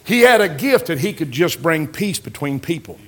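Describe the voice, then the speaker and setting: An older pastor with a drawl delivers a folksy sermon full of repeated amens. His high voice is a bit bright, and at normal speed he preaches very animatedly, pushing lines up to strong emphasis.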